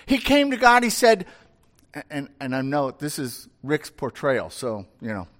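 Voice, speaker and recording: Animated male preacher, high voice. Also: a little slow. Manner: conversational, animated storyteller. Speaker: pastor. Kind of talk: sermon.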